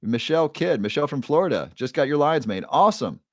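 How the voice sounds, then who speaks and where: A man's voice: fairly high pitch, big pitch swings, fast talker, dry recording, studio quality. A man hosting a casual live stream as a neuroscientist, upbeat, greeting viewers by name and often restarting his sentences.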